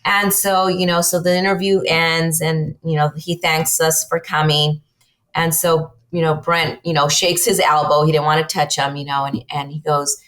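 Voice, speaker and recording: Middle aged mom on a podcast, lowish voice, rambly, lots of "you know", acts out what everyone said. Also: female voice, moderate pace. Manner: chatty, rambling, heavy use of fillers like "you know" and "like"; acts out family conversations with lively quoted voices. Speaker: guest, mother and business owner. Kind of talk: casual storytelling in a podcast interview.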